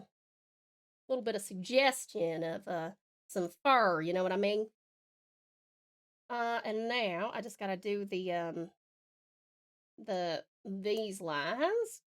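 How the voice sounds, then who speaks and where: A woman with an Australian accent, chatting casually on a live art stream, laughing often and muttering softly as she draws. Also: mid-range voice. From Tasmania, Australia. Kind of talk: casual live-stream chat while drawing.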